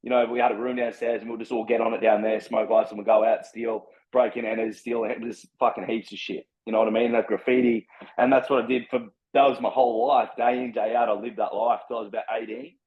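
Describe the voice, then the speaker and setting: A man's voice: medium pitch, level tone, quick pace, dull audio. A man with an Australian accent telling his life story as a podcast guest, in a rambling, frank and heavily profane way. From Brisbane, Australia. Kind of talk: candid personal storytelling.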